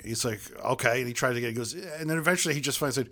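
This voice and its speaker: Speaking quickly with few pauses, this podcast co-host rambles through a film's plot full of fillers in a casual review chat. His voice is mid-range, steady in tone and a bit bright.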